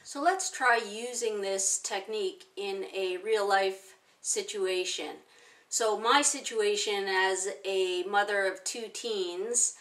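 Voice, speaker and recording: A woman in her forties, a self-help teacher, calmly walking through a technique step by step with everyday examples. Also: medium pitch, recorded from a distance. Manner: calm, explaining step by step with plain examples. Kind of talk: instructional talk to camera.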